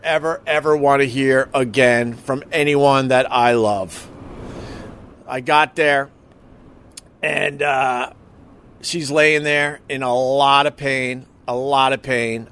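The speaker is a husband recounting an emergency, his voice medium in pitch with a fairly bright tone. His telling is casual and emotional, with swearing and reenactments of what others said.

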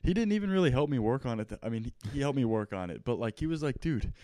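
A man's voice: mid-range voice, rapid-fire, no echo, clean studio sound. A young man, a fighter telling his story in casual chat, full of "like" fillers. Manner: animated storytelling, lots of "like" fillers. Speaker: fighter guest.

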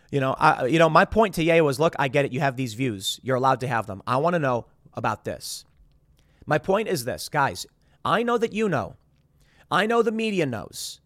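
A man's voice: a little high, a bit bright, no echo, clean studio sound. A man hosting his own show, rambling through a casual commentary monologue. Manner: rambling, mimics others in quotes. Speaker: show host.

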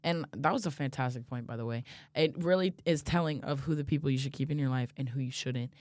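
Animated woman telling a story, dry mic. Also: extremely low pitch, fast talker, dry recording. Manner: animated storyteller, laughs easily, swears casually. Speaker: podcast co-host. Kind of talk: casual chat.

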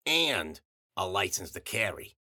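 A man voicing a gruff middle-aged boss who gives clipped, curt orders. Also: deep voice, big pitch swings, unhurried, bright, forceful tone, pitched below the performer's own voice, full character voice.

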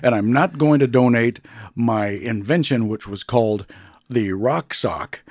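A man's voice: mid-range voice, a little slow, a little mellow, no echo. Laid-back man rambling in a dry studio. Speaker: podcast co-host. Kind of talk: casual chat. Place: small home studio.

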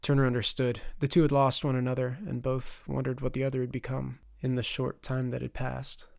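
A man reads a fantasy audiobook in a mid-pitched voice, keeping a measured, dramatic storytelling pace. He leans into the tension of the scene without rushing it. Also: monotone, creaky. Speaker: audiobook narrator. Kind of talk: scripted narration.

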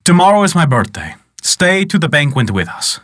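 A man doing a self-important rich merchant from a folk tale, brisk and commanding. The voice is pitched up and very animated, recorded close and dry. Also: no echo. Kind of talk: storytelling.

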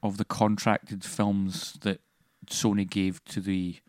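Low-voiced male podcast co-host, dry sound. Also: level tone, slow, no echo. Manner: enthusiastic, laughs while retelling scenes. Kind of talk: casual film review chat.

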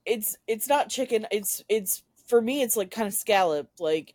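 A woman's voice: fairly low pitch, a little mellow, no room sound, studio quality. A woman co-hosting a podcast in casual chat, joking and laid-back, talking over her phone from home. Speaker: podcast co-host. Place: at home, separate from co-host. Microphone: phone over hotspot.

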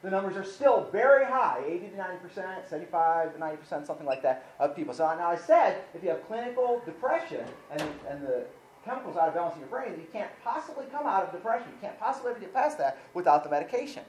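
A man's voice: high voice, fast, a little hiss or hum, low-quality recording. A middle-aged male pastor preaching a sermon, telling a personal story and acting out his own side of the conversation. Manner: animated storytelling preacher, acts out his own inner dialogue.

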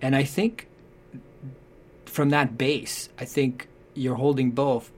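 A man's voice: mid-range voice, fairly even intonation, slow pace, a little mellow. A man talking through parenting advice in a reflective, conversational way, often checking in with "right?".

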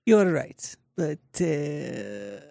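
A woman's voice: sits low, big pitch swings, extremely slow, vocal fry, mellow. A woman chatting casually and playfully, slipping into mock voices and comic bits. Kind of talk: casual comedic chat.

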